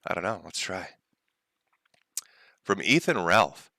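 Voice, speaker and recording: A sarcastic male streamer mocks his subject for his chat, with a lively voice that swings up and down. His tone is bright and forward, and the recording is close and dry with no room sound. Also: deep voice, slow, vocal fry, dry recording. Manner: sarcastic, mocking, often laughing. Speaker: streamer host. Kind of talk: mocking livestream commentary.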